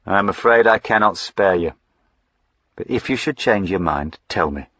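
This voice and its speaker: A man's voice: deep voice, moderate pace, a bit bright, no echo, lo-fi sound. A man voicing a moody, short-tempered young aristocrat with a clipped, sardonic way of speaking. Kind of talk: audiobook character voicing.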